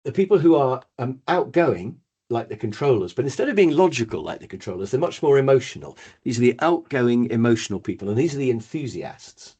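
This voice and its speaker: A man, running a live online training workshop, chatty and lively, calling on attendees by name. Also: mid-range voice, husky. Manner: lively, chatty, acts out brief voices, addresses attendees by name.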